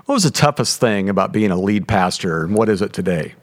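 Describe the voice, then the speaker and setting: A man with a Southern drawl hosts a conversational interview. His voice is on the low side, and he warmly affirms his guest before asking his questions. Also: lively intonation, a little fast. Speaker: podcast host.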